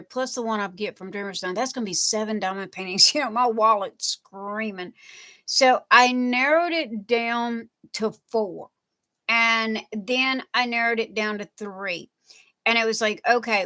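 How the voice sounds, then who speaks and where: Woman host, playful live-chat banter, bright tense tone, slightly high voice. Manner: chatty and playful, with frequent laughs. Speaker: livestream crafting host. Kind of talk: casual live chat reading viewer comments. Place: home.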